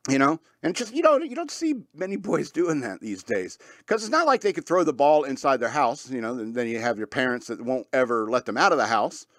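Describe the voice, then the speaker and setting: A man's voice: a little high, no echo, clean studio sound. A man hosting a talk radio show, rambling in a casual monologue with lots of fillers and frequent laughs.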